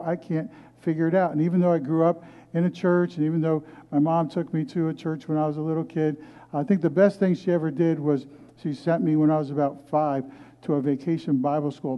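A man's voice: on the high side, muffled recording. An older man, a pastor, preaching a sermon and telling his own story in an earnest, storytelling way. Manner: storytelling, earnest, with frequent restarts. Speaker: guest pastor. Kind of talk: sermon testimony. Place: movie theater used as church.

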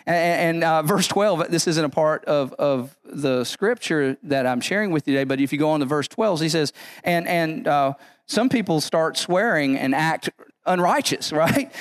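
A man's voice: a little high, no echo, studio quality. Emphatic male pastor preaching. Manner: emphatic, repetitive, with frequent restarts. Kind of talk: sermon.

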